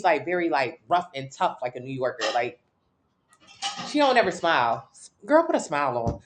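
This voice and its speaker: A woman's voice: low-pitched, a little hiss or hum. Blunt, gossipy woman chatting on a livestream. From Miami, Florida. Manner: blunt, profane, gossipy, reads and answers viewer comments. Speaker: livestream host. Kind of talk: casual livestream chat. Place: at home on her couch.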